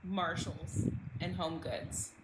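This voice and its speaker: A woman's voice: fairly low pitch, fairly even intonation, takes it slowly. A woman chatting casually and bluntly on a live stream, laughing now and then. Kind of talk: casual chat. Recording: distant, echoey, with clear background noise.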